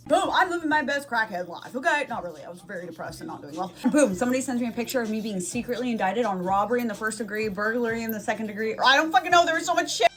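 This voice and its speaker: A woman in her thirties telling a casual storytime, fast and profane, full of "like" and "dude". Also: fairly high pitch, soft background music. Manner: fast, profane, animated retelling with lots of "like".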